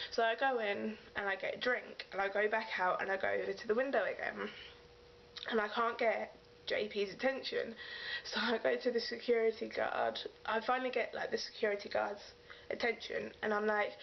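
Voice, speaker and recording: A woman's voice: on the high side, steady tone, fairly quick, creaky. A young woman from England, gushing and rambling as she retells a story in a casual vlog. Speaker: vlogger. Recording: dull lo-fi sound with faint hiss.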